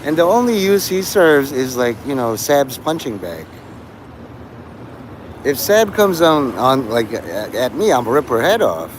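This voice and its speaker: A man's voice: medium pitch, big pitch swings, unhurried, slight background noise, low-quality recording. A man in his forties hosting a livestream, rambling casually, trailing off and restarting his thoughts. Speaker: livestream host.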